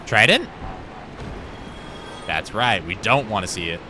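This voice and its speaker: A man's voice: on the low side, big pitch swings, measured pace, noisy background. Joking young man streaming a game. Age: young adult. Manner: joking, self-deprecating banter with chat; explains boss tactics step by step. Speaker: gaming livestreamer. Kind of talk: casual live-stream chat while playing.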